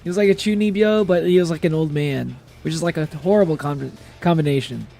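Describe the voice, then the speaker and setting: Young male streamer, slightly high gravelly voice, rambly and giggly chat. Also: brisk, dark tone, faint music behind. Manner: rambling, laughs often, chatty. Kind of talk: casual gameplay streaming chat.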